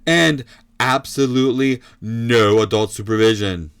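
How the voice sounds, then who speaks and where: A man's voice: a little slow, fairly bright tone, clean tone, no room sound. A man putting on the voice of a hyped boxing ring announcer, calling punchy play-by-play in a dry, close-miked sound. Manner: booming, punchy play-by-play calls. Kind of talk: mock fight commentary.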